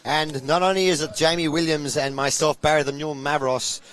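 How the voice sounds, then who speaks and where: A man's voice: fairly high pitch, fairly even intonation, a little fast, fairly bright tone. A man hosting a live pool stream, eagerly promoting it and commenting at length.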